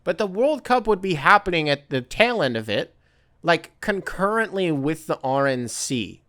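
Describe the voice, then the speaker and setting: A man's voice: fairly high pitch, very animated, normal speed, bright, forceful tone. A man hosting a podcast alone, ranting casually with profanity and sarcastic impressions. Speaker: podcast host. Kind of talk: casual solo rant.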